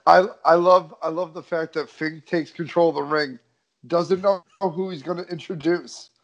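A man's voice: fairly high pitch, fairly even intonation, moderate pace, lo-fi sound. A man co-hosting a casual wrestling recap, making profane, chuckling asides. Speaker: podcast co-host.

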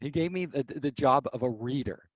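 A man telling stories as an interview guest, animated, acting out quoted voices. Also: mid-range voice, normal speed, dry recording, highs cut off. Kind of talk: casual storytelling.

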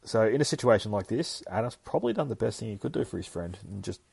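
Deep-voiced man, rambling and swearing. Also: expressive, fast, vocal fry, darkish tone, breathy edge, no room sound. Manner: rambling, heavy swearing, self-correcting. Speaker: podcast host. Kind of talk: casual comic book recap.

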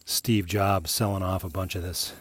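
Deep husky middle-aged man telling stories. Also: flat delivery, normal speed, no room sound. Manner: rambling, jokey, self-interrupting. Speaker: podcast host. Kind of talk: casual storytelling.

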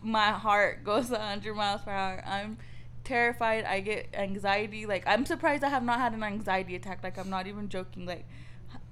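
A woman's voice: medium pitch, moderate pace, a little hiss or hum. A woman co-hosting a casual podcast, telling stories emphatically and addressing listeners as "y'all". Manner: animated, emphatic storytelling with lots of "like" and "y'all". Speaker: co-host.

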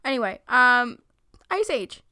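A woman's voice: a little high, unhurried. A woman from Long Island co-hosting a podcast, telling jokey stories in casual chat and swearing freely. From Long Island, New York. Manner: animated joking storyteller, swears freely. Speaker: podcast co-host.

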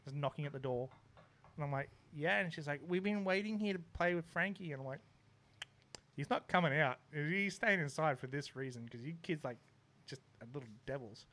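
A man's voice: fairly high pitch, moderate pace. Young man telling a story. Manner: animated, laughing, acting out neighbours. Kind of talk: casual anecdote.

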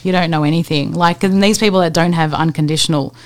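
An Australian woman, a stand-up comedian, talking casually on a podcast, full of fillers and quick laughs. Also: sits low, steady tone.

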